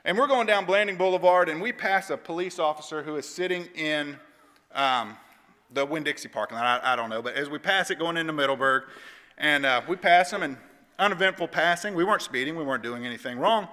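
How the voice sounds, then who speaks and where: A man gives a devotional talk in a church auditorium and tells his story in a lively, conversational way. His voice is slightly high and very bright. A long reverb trails each phrase. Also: brisk. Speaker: church speaker giving a devotional.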